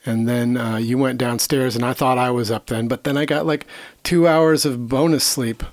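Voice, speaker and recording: A man co-hosting a podcast in casual chat, talking in a relaxed, halting way and repeating himself. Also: mid-range voice, dry recording, clean studio sound. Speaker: podcast co-host.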